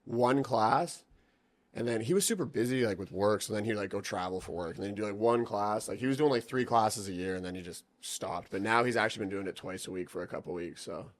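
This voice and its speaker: A man's voice: fairly low pitch, brisk. A young man chatting on a podcast, telling rambling stories full of swearing and filler words. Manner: rambling storytelling, heavy swearing, lots of "like". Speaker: podcast guest, jiu-jitsu athlete. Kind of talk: casual podcast chat.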